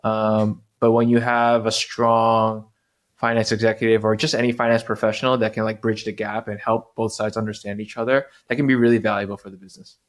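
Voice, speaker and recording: A man's voice: fairly low pitch, flat delivery, brisk. Man hosting a finance podcast. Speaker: podcast host, finance executive. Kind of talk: casual podcast conversation.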